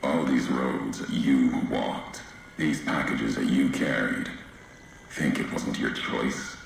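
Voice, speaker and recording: An actor playing a grim, brooding male wanderer in a video game, speaking in slow, solemn fragments with a deep gravelly voice. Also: very echoey, a little hiss or hum, full character voice. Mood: accusing.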